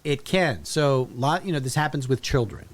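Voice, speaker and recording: Lively man sharing household dangers. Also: medium pitch, moderate pace. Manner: lively, matter-of-fact reading of safety facts. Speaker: podcast co-host. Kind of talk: casual chat.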